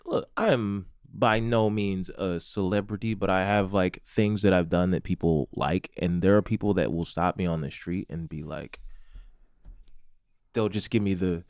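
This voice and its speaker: A man's voice: deep voice, normal speed, darkish tone, clean tone, no room sound, studio quality. A man co-hosting a casual comedy talk show, rambling loosely and laughing often. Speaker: podcast co-host.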